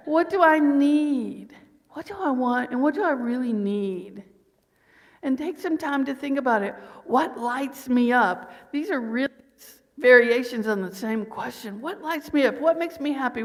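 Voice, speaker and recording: A woman's voice: sits high, moderate pace. A middle-aged woman minister giving a conversational sermon, asking her congregation one question after another. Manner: warm conversational preaching with rhetorical questions. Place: church sanctuary. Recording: long hall reverb.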